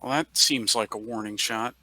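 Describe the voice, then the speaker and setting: A man's voice: on the low side, steady tone, moderate pace, pushed and bright, no echo. A man playing in a tabletop game, chatting casually and asking curious questions. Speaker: player.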